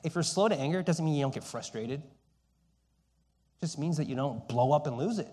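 A man preaching a sermon, telling stories and dropping between loud emphasis and hushed, quiet lines. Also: fairly high pitch, moderate pace. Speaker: pastor.

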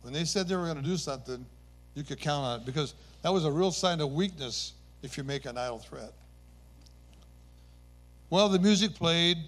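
A man's voice: on the high side, lively intonation, moderate pace, long pauses, a bit bright. A man preaching a sermon, retelling scripture stories with earnest emphasis and occasional self-corrections.

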